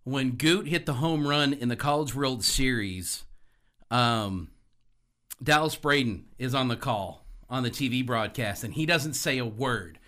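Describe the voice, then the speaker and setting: A man's voice: medium pitch, a little slow, bright, forceful tone. A man co-hosting a sports radio show, telling a story animatedly and laughing as he talks. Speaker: radio co-host.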